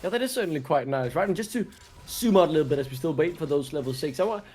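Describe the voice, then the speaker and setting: Animated male esports caster, higher voice. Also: fast talker, husky. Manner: animated, chatty, laughs easily. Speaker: esports commentator. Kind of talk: live esports commentary.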